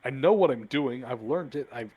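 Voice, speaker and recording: A man's voice: mid-range voice, lively intonation, normal speed, dark tone, slightly rough, low-quality recording. A man playing a defiant, headstrong young woman. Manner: defiant, insistent.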